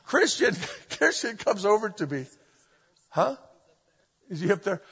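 A middle-aged man preaching a sermon, animated and full of humorous storytelling, recorded in a church hall. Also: sits high, unhurried, breathy edge. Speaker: pastor. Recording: dull echoey hall recording.

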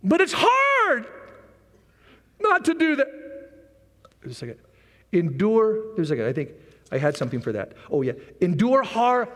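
A man preaching a sermon as pastor, animated, with repeated rallying phrases and joking asides. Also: on the high side. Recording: long reverb of a large hall.

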